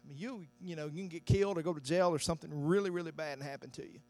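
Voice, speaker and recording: A man preaching a sermon, telling a story that builds to loud, shouted climaxes. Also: on the high side, rapid-fire, no room sound. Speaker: pastor.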